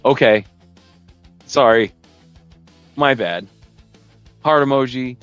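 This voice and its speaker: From his home basement gaming room, a podcast host with a smooth, slightly bright mid-range voice rants slowly and casually, cursing and mimicking his friends with put-on voices. It's a dry recording with the highs cut off and faint music behind him.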